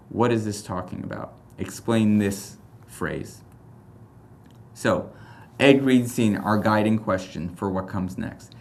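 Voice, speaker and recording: A man with a fairly low voice teaches a recorded class. He reads passages aloud, then breaks into animated rhetorical questions, stopping and restarting as he thinks aloud. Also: slow pace, gravelly, long pauses.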